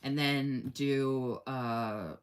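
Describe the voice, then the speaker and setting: A woman's voice: extremely low pitch, fairly even intonation, drawn-out words, clean tone. A woman hosting a casual live stream, chatty and effusive, laughing often and reading viewer comments aloud. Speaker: live-stream host running a giveaway.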